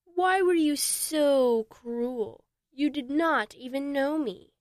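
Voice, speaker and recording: A woman voicing a calm, wise male snake who speaks slowly and measuredly in a storybook. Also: sits high, dry recording, studio quality. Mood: reproachful.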